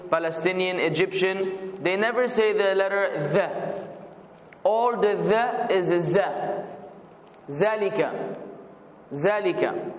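A man teaching a weekly Quran commentary class, patiently explaining and spelling out words. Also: high-pitched. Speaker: religious teacher. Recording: echoey, reverberant hall.

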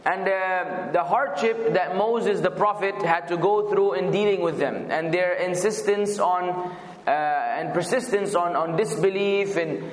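A man's voice: high-pitched, a little slow. A man teaching a weekly Quran commentary class, patiently explaining and spelling out words. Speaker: religious teacher. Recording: echoey, reverberant hall.

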